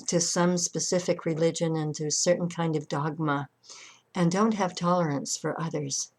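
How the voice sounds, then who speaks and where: A woman's voice: fairly low pitch, a little mellow. A middle-aged woman minister preaching an online sermon in a conversational way, often restarting and repeating words. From Canada. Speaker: senior minister.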